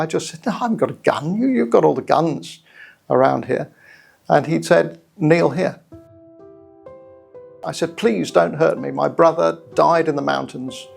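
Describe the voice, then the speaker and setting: Gravelly British man recounting an ordeal. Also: on the high side. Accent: British English. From England. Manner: measured, reflective, with hesitant restarts. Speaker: guest storyteller. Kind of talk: personal story told to camera.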